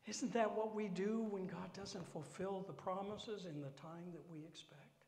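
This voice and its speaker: High-voiced male preacher in echoey hall. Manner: dramatic shifts from loud to whispered asides, slow emphatic phrasing. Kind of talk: sermon.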